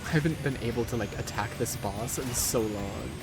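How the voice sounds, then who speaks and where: A man's voice: medium pitch, normal speed, over loud music. A young man streaming a live game, ranting and swearing at a boss with repeated frustrated outbursts. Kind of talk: live gameplay commentary.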